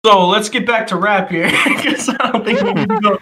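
A man's voice: high voice, moderate pace, sharp tone, slight background noise. A young man co-hosting a casual podcast, joking and laughing through slangy banter. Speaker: podcast co-host. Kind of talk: casual chat.

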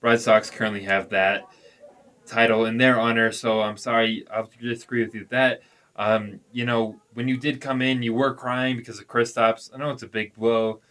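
A man's voice: medium pitch, flat delivery, moderate pace, a bit bright. A man co-hosting a sports podcast, talking in an easygoing, rambling way with fillers. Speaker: podcast co-host. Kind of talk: casual sports chat.

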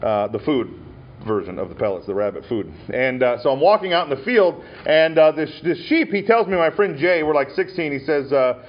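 Male pastor from Montana, slightly high voice, storytelling sermon with fillers, muffled lo-fi church recording. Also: brisk. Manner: storytelling delivery with frequent fillers and restarts. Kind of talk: sermon at an ordination ceremony. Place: church sanctuary.

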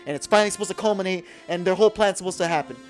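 A man on a podcast excitedly recapping an anime episode, swearing a lot and acting out characters' lines in a lower voice. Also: racing, faint music behind. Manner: profane, acts out character lines in a low voice. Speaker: podcast co-host.

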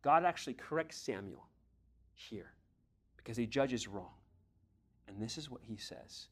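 A man preaching a sermon, emphatic, swinging between loud exhortation and hushed, near-whispered lines. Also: medium pitch, lively intonation, measured pace, breathy edge.

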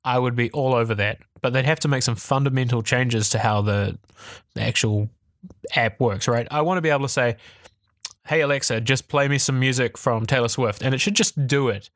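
A man co-hosting a casual tech podcast, talking in an animated, ranty way with swearing and laughter. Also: medium pitch, brisk, no room sound, clean studio sound. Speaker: podcast co-host.

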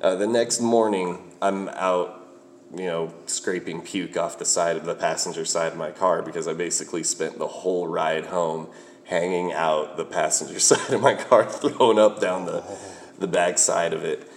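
Young male comic, low voice, swearing and laughing through a casual story, light room noise. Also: steady tone, normal speed. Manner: profane, laughing, acts out quotes. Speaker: comedian.

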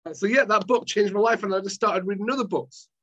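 Scottish guy telling his story on a chat show, lively and a bit high-voiced, muffled lo-fi sound. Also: quick pace. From Scotland. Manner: animated storyteller acting out his past self. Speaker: guest, mind management coach. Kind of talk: casual chat.

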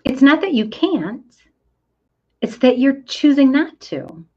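A woman's voice: sits high, big pitch swings, darkish tone, lo-fi sound. A middle-aged woman giving a motivational coaching talk, stressing words and acting out quoted complaints. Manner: emphatic, drawn-out stresses, acts out quoted complaints.

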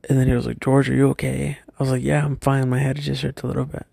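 A young man telling a personal story from his school days, hesitant and halting, often stopping and restarting. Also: mid-range voice, completely flat delivery, gravelly, dark tone, slightly rough, dry recording.

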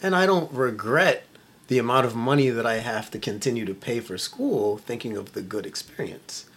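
Guy rambling on a podcast, lots of "like, you know", husky voice. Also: medium pitch, moderate pace, fairly bright tone. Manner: rambling, full of filler words. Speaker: podcast guest. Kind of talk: casual chat.

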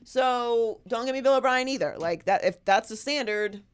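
A woman hosting a podcast, talking sports casually in an animated, opinionated way with quick asides. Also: on the high side, clear, resonant tone. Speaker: podcast host.

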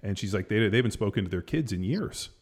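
A man's voice: lowish voice, animated, quick pace. A man in his forties telling a story in casual chat, rambling with lots of fillers and blunt swearing.

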